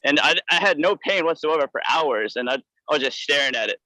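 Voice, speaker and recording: Fast, excitable man telling a story. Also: fairly high pitch, no echo, rough recording. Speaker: caller. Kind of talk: casual storytelling on a live call. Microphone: headset.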